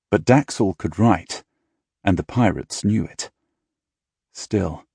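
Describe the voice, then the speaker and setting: A man reading an audiobook in measured, dramatic storytelling style, close to a studio mic. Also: fairly low pitch, vocal fry, mellow, slightly rough, dry recording. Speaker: audiobook narrator. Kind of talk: scripted audiobook narration.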